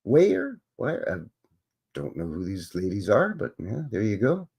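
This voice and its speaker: A man's voice: low voice, big pitch swings, moderate pace, a little mellow, breathy edge. A man hosting a live stream, reading passages aloud and breaking off for wry, self-deprecating comments.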